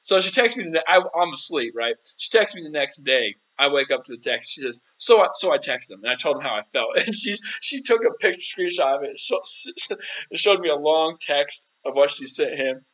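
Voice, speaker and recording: Man, dating coach, live-stream chat, bright tone, slightly dull audio. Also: fairly high pitch, lively intonation, brisk. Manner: chatty, playful, addresses viewers as girl.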